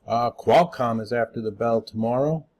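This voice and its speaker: A man runs through a casual daily stock market watchlist over music, speaking at normal speed in a mid-range voice. He talks unscripted, saying "uh" often and spelling tickers out letter by letter.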